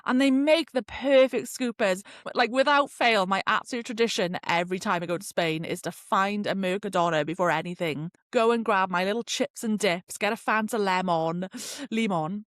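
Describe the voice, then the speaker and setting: A woman's voice: medium pitch, moderate pace, hardly any pauses, fairly bright tone, dry recording. Woman, young, solo podcast host; rambling, filler-heavy chat, dry close sound. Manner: chatty and rambling, full of "like" fillers.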